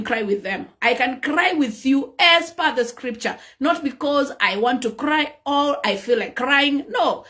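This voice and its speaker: A woman pastor with a Kenyan accent preaching a sermon, animated and acting out the people in her stories. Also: high voice.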